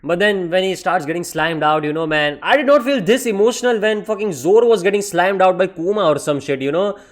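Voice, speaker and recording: Excitable, swearing man reviewing manga. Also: sits high, a little fast. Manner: excitable, profane, says "man" constantly; mocking voices for characters. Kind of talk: casual vlog review.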